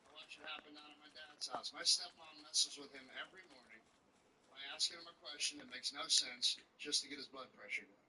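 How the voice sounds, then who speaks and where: A man's voice: fairly high pitch, fairly quick, a crowd in the background. A man performing a stand-up comedy routine with a punchy, joke-telling delivery. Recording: roomy distant recording with background noise.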